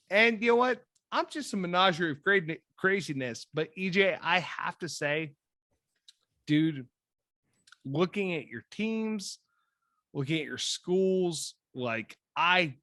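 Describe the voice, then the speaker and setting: A man co-hosting a casual podcast chat, excitable and laughing, swearing freely and stretching words for emphasis. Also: on the high side, dry recording. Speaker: podcast co-host. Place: recorded drinking whiskey with co-host.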